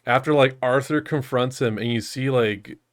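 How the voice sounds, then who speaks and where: A man's voice: medium pitch, normal speed, no room sound. Rambling man, dry close sound. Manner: rambling with many fillers, laughs often. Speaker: podcast co-host. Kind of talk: casual chat.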